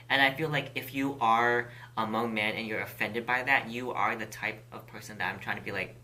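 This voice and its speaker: A woman's voice: extremely low pitch, steady tone, fairly quick, few pauses, sharp tone, a little hiss or hum. A woman co-hosting a casual podcast chat, candid and outspoken, swearing freely as she speaks with conviction. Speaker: podcast co-host.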